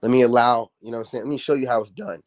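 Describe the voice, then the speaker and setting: A man's voice: medium pitch, steady tone, racing, a little mellow. Man, livestream rant, scolding and confrontational, slangy talk. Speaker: social media commentator. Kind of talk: ranting livestream commentary.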